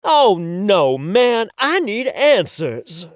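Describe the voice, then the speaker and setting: A man voicing an excited, nosy male friend in audiobook dialogue who presses for gossip. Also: high-pitched, extremely slow, no room sound, studio quality, voice pushed up, heavily acted. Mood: eager.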